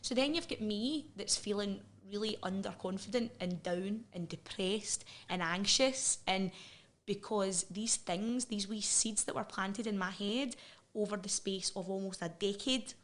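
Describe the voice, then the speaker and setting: A Scottish woman in her thirties talks candidly as an interview guest. She speaks with raw feeling and often stumbles and restarts her sentences. Her voice sits at an ordinary middle pitch. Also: unhurried. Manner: frank and emotional, with frequent restarts.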